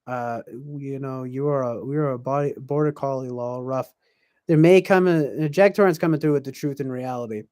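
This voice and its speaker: A man's voice: mid-range voice, moderate pace, darkish tone, no echo, studio quality. A man hosting a podcast, talking in a casual, rambling way with lots of fillers and restarts. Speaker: podcast host.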